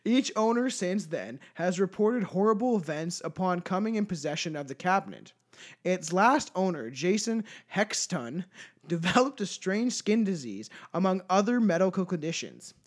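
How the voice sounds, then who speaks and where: A man's voice: high-pitched, very animated, moderate pace. A Canadian man hosting a podcast, telling stories in a loose, profane way with frequent laughs. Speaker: podcast host. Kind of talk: casual podcast chat.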